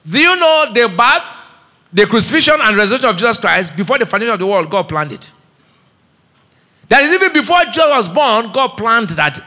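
A middle-aged Nigerian pastor preaches in a church auditorium, inviting the congregation to complete his lines in call-and-response. His voice is extremely high and sharp, moving fairly quickly with lively intonation.

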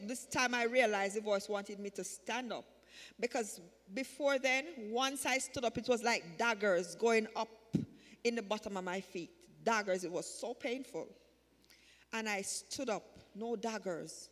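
A woman's voice: on the high side, a little slow, fairly bright tone, big-room sound. A woman telling her personal testimony at a church service, in a repetitive, emphatic way that builds in fervor. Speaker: church member giving a testimony. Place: church sanctuary.

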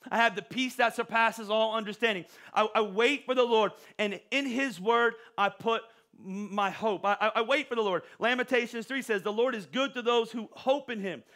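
Pastor, middle-aged man, high bright voice, lively sermon delivery with stammered restarts. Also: moderate pace, few pauses. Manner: animated, joking preacher with stammering restarts. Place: church auditorium.

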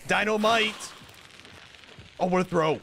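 A man streaming gameplay, excitable and mock trash-talking, with sudden shouts. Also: on the high side, normal speed, slight background noise. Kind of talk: live-streamed gameplay commentary.

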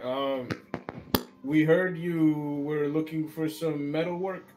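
Man playing a tabletop game, casual talk, fairly high voice, faint music behind. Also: fairly even intonation, takes it slowly, low-quality recording. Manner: casual, polite in character. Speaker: player.

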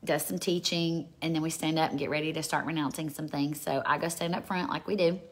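Low-voiced woman minister telling a story. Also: fairly even intonation, a little fast. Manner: gushing, rambling with many fillers. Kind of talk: casual storytelling.

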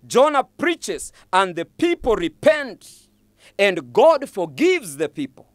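Emphatic preacher with lively pitch. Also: male voice, slow, no room sound, studio quality. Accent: Kenyan English. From Kenya. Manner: emphatic preaching with repeated phrases. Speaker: pastor. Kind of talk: sermon.

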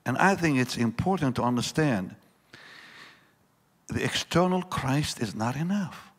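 A man preaching a sermon, swinging between loud bursts and hushed lines and acting out the voices in his story. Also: medium pitch, lively intonation, measured pace. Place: large church hall. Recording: long church reverb.

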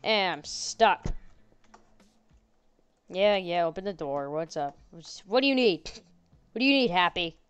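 A woman's voice: fairly low pitch, lively intonation, unhurried, long pauses, clean tone, no echo, soft background music. A woman playing a horror game and commenting on it, sarcastic and jokey, chatting to the characters on screen. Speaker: gaming channel host.

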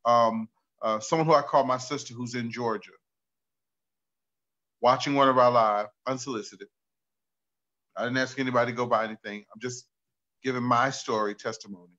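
A man, a pastor, telling stories in an excitable, talkative way during a chat, on a dull lo-fi recording. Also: medium pitch, moderate pace, long pauses. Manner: excitable, talkative, acts out quotes. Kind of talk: animated storytelling in a chat. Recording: dull lo-fi sound.

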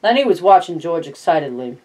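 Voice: medium pitch, very animated, a little fast, a little mellow, distant mic, rough recording. Plain reader of a novel. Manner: plain reading with brief remarks. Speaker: reader of a study guide. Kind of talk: reading aloud with personal asides.

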